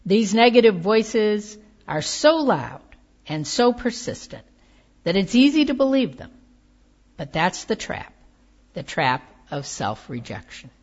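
A woman preaching a sermon, reading slowly with soft, tender emphasis. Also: medium pitch, very animated. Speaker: pastor. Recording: dull lo-fi sound.

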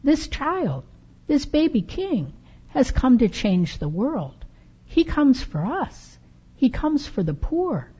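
A woman playing an eager young boy in a storybook, his voice pitched high and earnest. He pleads warmly and unhurriedly with a soft husky edge. The recording is dull and lo-fi. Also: sing-song, slow pace, exaggerated voice.

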